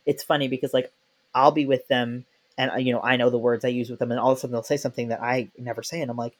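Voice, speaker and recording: A podcast host in a casual interview, telling chatty, animated stories full of playful quoted voices. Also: mid-range voice, very fast.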